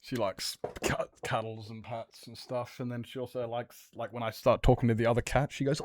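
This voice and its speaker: A man's voice: mid-range voice, level tone, brisk, few pauses, darkish tone, no echo, clean studio sound. A man streaming a game, chatting casually in a rambling, jokey way and laughing often. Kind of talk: casual gaming stream chat.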